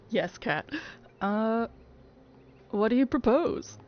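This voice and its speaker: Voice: mid-range voice, lively intonation, extremely slow. Sarcastic profane game streamer. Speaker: gaming streamer. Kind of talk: casual let's play commentary. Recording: dull audio over game music.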